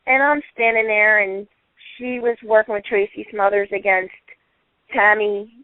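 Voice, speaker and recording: A woman's voice: mid-range voice, steady tone, measured pace, no room sound. A woman from New Jersey, a longtime friend and guest, telling chatty anecdotes on a call-in show. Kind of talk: casual storytelling on a phone-in show. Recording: tinny dry phone line.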